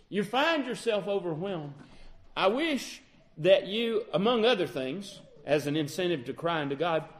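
Lively, high-pitched male preacher. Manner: dramatic, rising and falling delivery. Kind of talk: sermon.

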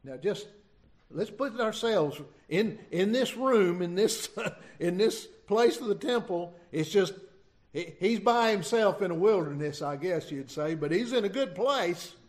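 A middle-aged man preaching an informal sermon, reading scripture and retelling it in a folksy, halting way. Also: high-pitched, animated, darkish tone. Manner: folksy, halting, many restarts and asides.

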